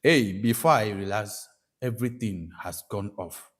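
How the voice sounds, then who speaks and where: A man's voice: fairly low pitch, unhurried. A man with a Ghanaian English accent giving a personal testimony as a spiritual practitioner, telling his story animatedly and acting out what people said. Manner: animated storytelling, acts out quoted voices.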